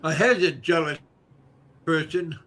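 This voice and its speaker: Slow, bright-voiced older man host. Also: fairly high pitch. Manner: halting, repeats words, many fillers. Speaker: channel host. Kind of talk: casual livestream chat.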